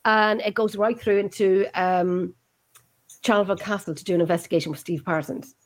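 Irish woman host, chatty and rambling, ordinary middle pitch. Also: steady tone, brisk. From Ireland. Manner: chatty, rambling, many restarts. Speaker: podcast host. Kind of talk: casual chat.

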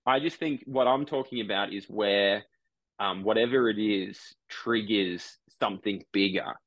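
Low-voiced man, rambling chat. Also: measured pace, a bit bright, no room sound, muffled recording. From Brisbane, Australia. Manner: rambling, self-correcting, acts out online commenters. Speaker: podcast guest, comedian. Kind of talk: casual podcast chat.

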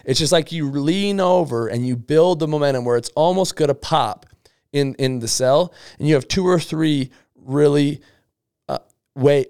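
A man coaching salespeople in an upbeat, slangy way, with a gravelly edge to his mid-pitched voice. The recording is close and dry, with no room sound. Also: no room sound. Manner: energetic, slangy, acts out sales banter. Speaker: sales trainer.

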